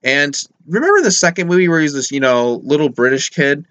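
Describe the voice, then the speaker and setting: A fairly high, sing-song male voice moves briskly with a somewhat bright tone, recorded dry and dull. He's a movie reviewer chatting casually about a film, rambling with fillers and sarcastic asides, and he puts on mocking voices when he quotes the characters.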